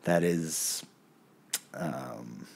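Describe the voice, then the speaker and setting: Podcast guest, male, very low voice, earnest storyteller. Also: extremely slow, vocal fry, a little mellow, slightly rough. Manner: candid, earnest, acts out quoted voices. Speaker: podcast guest, plant medicine guide. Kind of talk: casual storytelling in an interview.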